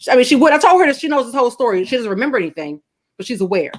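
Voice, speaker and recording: This middle-aged guest co-host speaks rapid-fire in a fairly high, sing-song voice. Chatting casually on a podcast, she shares a personal story openly and emotionally, with plenty of swearing.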